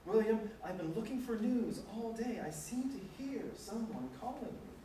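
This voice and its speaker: A man reading the lines of an elderly woman who hears spirit voices, in a soft, wistful manner. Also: sits high, expressive, moderate pace, slight background noise, pitched above the performer's own voice. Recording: echoey room, distant mic.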